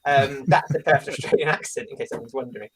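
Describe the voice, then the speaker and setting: A man's voice: mid-range voice, quick pace, crowd noise. A man guesting on a casual podcast, laughing often and telling stories with animation.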